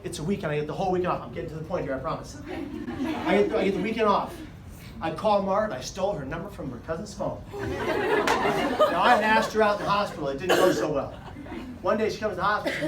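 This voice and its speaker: A man with a high voice tells a funny personal story to a live crowd, acting out the people in it with big swings in loudness. The sound is roomy and echoey, with the mic set some way off and a clear hum of background noise underneath. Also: brisk, far from the mic. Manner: animated comic storyteller, shouts voices of others. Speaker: speaker. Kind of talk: storytelling talk to an audience.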